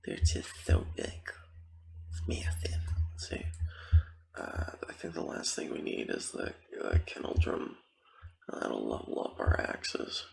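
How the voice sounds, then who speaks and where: A man's voice: extremely low pitch, animated, measured pace, gravelly. A man whispering ASMR gaming commentary and rambling playfully with goofy asides. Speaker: ASMR gaming channel host.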